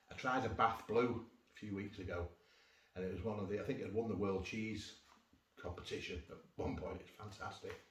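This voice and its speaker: A man chatting through a casual food vlog, rambling with jokey asides, recorded on a phone without an external mic. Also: fairly low pitch. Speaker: food vlogger. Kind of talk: casual cheese-tasting vlog. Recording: roomy, distant phone mic, faint noise.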